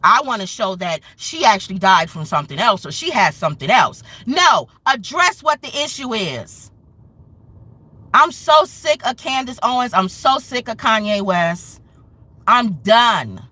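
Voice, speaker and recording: A woman's voice: on the high side, sing-song, a little slow, bright, forceful tone, dry recording. A woman hosting a commentary show, speaking in an impassioned, angry, emphatic rant. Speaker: show host.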